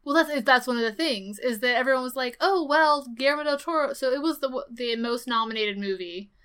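A young woman talks in loose podcast chat, stringing her thoughts together with constant "like" fillers. Her voice sits somewhat high and sounds bright and clean. She retells stories in a lively, rambling way. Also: brisk, clear, resonant tone. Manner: chatty, lots of "like" fillers, animated retelling. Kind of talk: casual chat.

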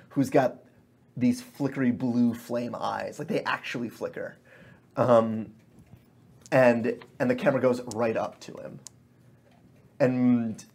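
Husky man narrating a tabletop game. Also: medium pitch, a little mellow. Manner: cinematic scene narration with many fillers. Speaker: game master.

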